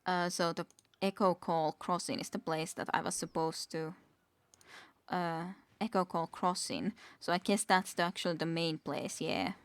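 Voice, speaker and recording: A woman's voice: lowish voice, unhurried, clear, resonant tone, no room sound. A woman streaming a game, musing aloud, reading the game text and chuckling often in casual commentary. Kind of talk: casual let's-play commentary.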